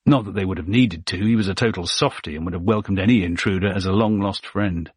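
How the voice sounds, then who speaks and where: A man narrating a suspense thriller audiobook in a steady, measured way. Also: sits low, breathy edge, no room sound, studio quality.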